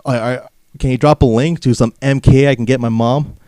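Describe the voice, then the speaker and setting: A man's voice: mid-range voice, fairly even intonation, fairly quick, mellow, no room sound, studio quality. A man from Southern California hosting a comedic wrestling podcast, brash and mocking, padding his rants with filler phrases. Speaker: podcast host.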